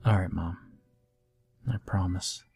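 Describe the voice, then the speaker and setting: A man's voice: low voice, steady tone, slow pace, vocal fry, darkish tone, breathy edge, faint music behind, full character voice. A man voicing an injured teenage boy who speaks in a subdued, frustrated way.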